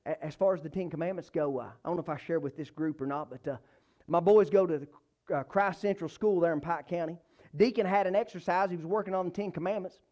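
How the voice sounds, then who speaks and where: A man preaching a church sermon, emphatic, repeating phrases and swinging between loud and soft. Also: quick pace. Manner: emphatic, repeats phrases, rises and falls in pitch and volume.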